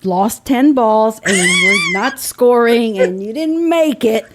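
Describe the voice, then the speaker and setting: A woman hosts a casual podcast interview and chimes in with eager, short affirmations. Her voice is fairly high and moves a lot in pitch. She keeps the conversation moving with quick questions. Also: huge pitch swings, very noisy. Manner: enthusiastic, short affirming replies. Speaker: podcast host.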